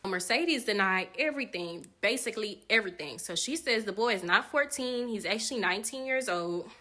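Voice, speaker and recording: A woman's voice: mid-range voice, expressive, a little fast, bright, forceful tone. A woman hosting a commentary channel, recapping drama in a chatty, casual way and addressing viewers directly.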